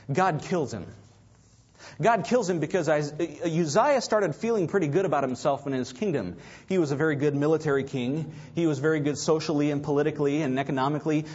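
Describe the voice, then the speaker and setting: A man preaching a sermon, swinging dramatically from loud to hushed. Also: a little high, breathy edge. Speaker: pastor. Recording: dull lo-fi recording.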